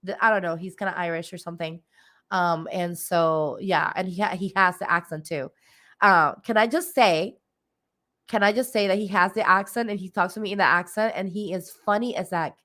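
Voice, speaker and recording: A woman's voice: fairly low pitch, normal speed, sharp tone. A woman hosting a spiritual livestream, chatting casually and giggling often, with lots of fillers. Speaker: livestream host and spiritual reader.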